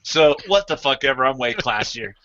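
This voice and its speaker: A man's voice: mid-range voice, expressive, moderate pace, bright, forceful tone, no echo. A man co-hosting a podcast in casual chat, pulling the talk back on topic. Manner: steering the talk, laid-back. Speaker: podcast co-host. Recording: muffled lo-fi podcast mic.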